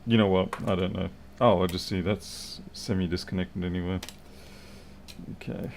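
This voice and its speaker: A man's voice: sits low, steady tone, normal speed, darkish tone, slight background noise. A man thinking aloud and muttering to himself as he works through a live repair stream. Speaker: electronics repair technician.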